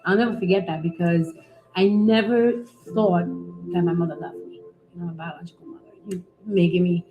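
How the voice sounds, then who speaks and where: A middle-aged woman giving a candid, halting personal testimony as a guest, often restarting her sentences. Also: on the low side, fairly even intonation, dull audio. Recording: music playing behind.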